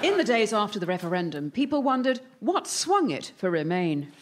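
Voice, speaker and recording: A woman's voice: medium pitch, sing-song, moderate pace, heavy background noise. A woman narrating a comedy news parody in a dry newsreader manner.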